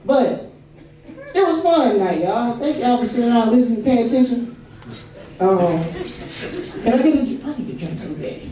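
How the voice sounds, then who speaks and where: Laughing, profane stand-up comedian. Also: male voice, very high voice, animated, moderate pace, long pauses. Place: comedy club stage. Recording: echoey club from far off, crowd.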